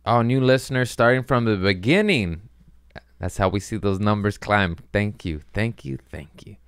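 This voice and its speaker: A man's voice: lowish voice, moderate pace, clean tone, no room sound, clean studio sound. A man hosting a podcast, talking loosely and profanely in a jokey comedic rant.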